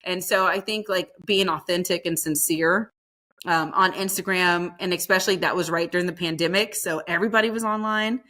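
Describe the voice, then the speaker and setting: A woman who is a barbecue pitmaster, telling stories in a casual, lively way in a podcast interview and acting out the voices of others. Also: lowish voice, a little fast. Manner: lively storyteller, acts out quoted voices; casual, fillers like "like" and "you know".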